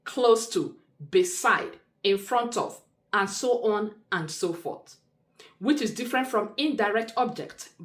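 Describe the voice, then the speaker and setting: Slow, deliberate woman French tutor. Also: mid-range voice, reverberant. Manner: slow, deliberate teaching delivery, spelling out word pairs. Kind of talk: explanatory language lesson.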